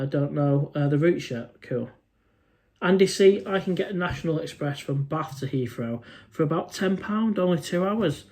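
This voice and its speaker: Casual english guy on a live stream, reads out comments, keeps saying mate, voice a bit high. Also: darkish tone. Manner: chatty, informal, says "mate" often.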